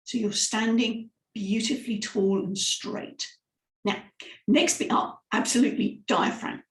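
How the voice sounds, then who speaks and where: A woman leading a lively, hands-on vocal warm-up lesson as a speaking coach. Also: fairly high pitch, a little slow. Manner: lively, demonstrative, guides listeners through exercises. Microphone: microphone, sometimes stepping close. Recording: roomy echo.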